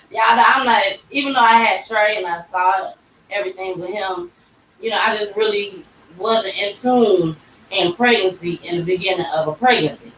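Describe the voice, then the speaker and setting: Animated woman telling a story, distant mic. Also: medium pitch, measured pace, slight background noise. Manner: animated, acts out quoted voices. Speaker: vlogger telling her story. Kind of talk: casual storytelling. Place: tattoo shop. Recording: roomy, distant mic, faint ambience.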